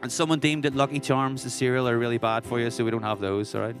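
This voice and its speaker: A man's voice: medium pitch, little pitch movement, fast, faint music behind. A man with an Irish accent, a worship leader giving an informal, conversational talk with joking asides. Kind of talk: informal preaching and storytelling.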